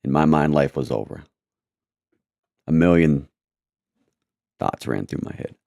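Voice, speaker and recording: A man telling a personal testimony in a halting, repetitive, earnest way. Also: a bass voice, animated, creaky, darkish tone, dry recording, studio quality.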